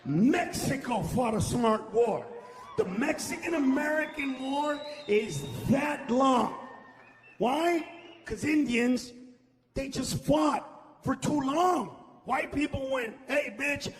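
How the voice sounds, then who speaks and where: High-pitched shouting stand-up comic. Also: male voice, animated, slow. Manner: loud, shouting punchlines, acts out characters. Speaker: stand-up comedian. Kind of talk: stand-up comedy routine. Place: comedy stage.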